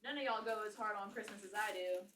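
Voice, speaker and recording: A woman's voice: mid-range voice, fast, fairly bright tone, distant mic, slight background noise. A young woman chatting casually with her live-stream viewers. She swears freely and laughs often. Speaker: livestreamer. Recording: echoey room, voice off-mic.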